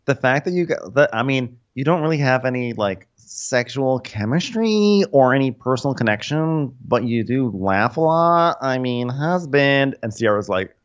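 A man's voice: mid-range voice, animated, muffled recording. A man co-hosting a comedy recap podcast, narrating the episode with rambling asides. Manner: rambling storyteller, quick asides. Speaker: podcast co-host.

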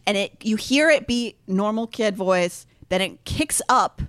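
Giggly woman cohost on a podcast, talks fast, close dry mic. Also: mid-range voice, expressive, fairly bright tone, no echo. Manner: giggly, quick, groaning at jokes. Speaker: podcast co-host. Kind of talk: casual comedic chat.

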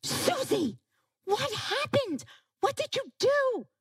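A woman doing a shrill screaming mother. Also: very animated, slow pace, no room sound, studio quality, exaggerated voice. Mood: angry. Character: shrill frazzled mother yelling.

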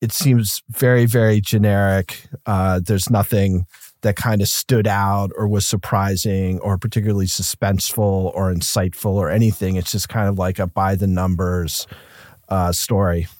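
A man's voice: low-pitched, little pitch movement, normal speed, a little mellow, no echo, studio quality. A man co-hosting a podcast, giving a sardonic, offhand film critique. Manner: sardonic, swearing. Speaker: podcast co-host. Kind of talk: casual chat.

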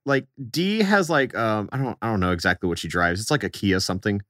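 A man's voice: fairly low pitch, a little fast, fairly bright tone, no echo, studio quality. A young man co-hosting a podcast, chatting casually and acting out the people in his story. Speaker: podcast co-host.

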